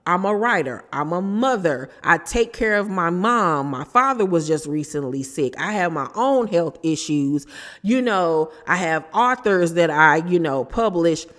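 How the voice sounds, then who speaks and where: A middle-aged woman hosting a casual reality TV recap, animated and opinionated, quoting people in quick bursts. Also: fairly low pitch, in a large hall.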